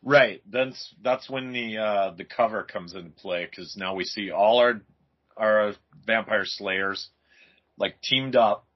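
A husky-voiced man in casual, enthusiastic podcast chat, breaking into laughs as he walks through comic panels. The sound is muffled and lo-fi. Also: on the low side, slow. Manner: enthusiastic, laughs often while describing panels.

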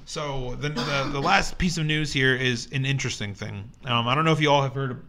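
A man's voice: mid-range voice, a little fast, pushed and bright, a little hiss or hum. Young male podcast co-host, casual, rambling, filler-heavy. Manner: rambling with many fillers and restarts. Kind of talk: casual chat, reading news aloud.

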